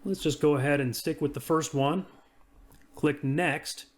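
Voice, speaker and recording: A man casually talking through each click as he walks through a software demo. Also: on the high side, unhurried. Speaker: software reviewer. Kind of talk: screen-recorded software walkthrough.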